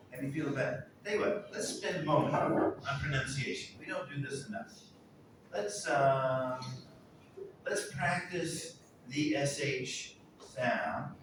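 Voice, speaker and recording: A male English teacher talks slowly and patiently, quizzing his students on words. He sits a little off the mic in a very echoey room, with a clear hum of noise behind him. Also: medium pitch, lively intonation, far from the mic. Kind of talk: online English lesson.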